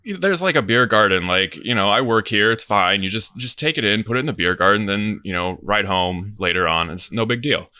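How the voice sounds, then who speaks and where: A man voicing a casual young male pub-goer who offers reassurance in a relaxed, breezy way. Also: lowish voice, brisk, hardly any pauses, smooth, dry recording.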